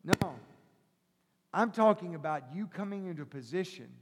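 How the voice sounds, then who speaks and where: A male pastor preaching a sermon, shifting from quiet teaching to loud shouted preaching and calling the listeners brother and sister. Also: sits high, lively intonation, moderate pace. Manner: calls the congregation brother and sister. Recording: long hall reverb.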